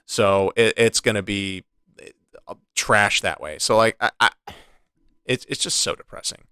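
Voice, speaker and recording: A man co-hosting a casual gaming podcast, ranting in a frustrated, animated way with many restarts. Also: lowish voice, measured pace, smooth, no room sound. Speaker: podcast co-host.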